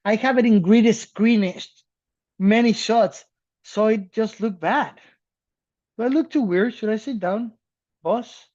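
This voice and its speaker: A man from South America co-hosting a podcast in casual chat, animated and laughing, swearing casually. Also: high voice, a little slow, long pauses, highs cut off. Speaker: podcast co-host.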